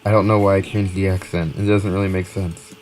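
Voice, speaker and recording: A man's voice: deep voice, flat delivery, fairly quick, a little mellow, a little hiss or hum. A man hosting a let's play, making wry offhand asides about his own reading. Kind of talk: gaming commentary.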